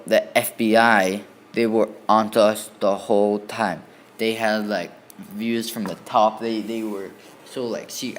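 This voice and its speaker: A man's voice: lowish voice, slight background noise. A man casually telling a story in the first person, rambling with many restarts and repeated fillers. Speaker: student storyteller.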